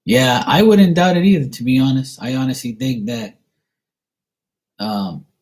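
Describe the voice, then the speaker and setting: A man's voice: mid-range voice, measured pace, a little mellow. A man doing a tarot reading and answering viewer questions in a rambling, casual chat full of "you know" fillers, blunt and sometimes swearing. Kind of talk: casual live-stream chat.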